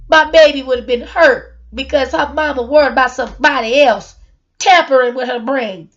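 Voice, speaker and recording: A woman talks straight to her audience in a personal vlog, earnest and emotional, circling back on her own words. Her voice sits a little high, and the home recording sounds dull and lo-fi. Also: normal speed, a bit bright. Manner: emotional, earnest, repeats words, rhetorical questions. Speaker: single mother sharing her story.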